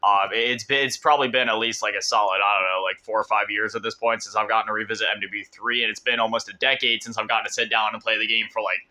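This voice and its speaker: Young male gaming YouTuber, bright tone, emotional and chatty over gameplay. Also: on the low side, fast talker, hardly any pauses. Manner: excitable, emotional, rambling with restarts. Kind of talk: casual gameplay commentary.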